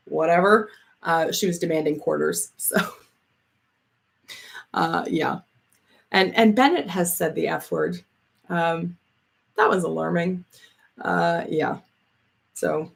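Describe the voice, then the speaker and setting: A woman's voice: on the low side, vocal fry. A woman in her thirties from Canada chatting casually with live viewers, swearing freely, laughing often and reading out their comments. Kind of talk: casual livestream chat.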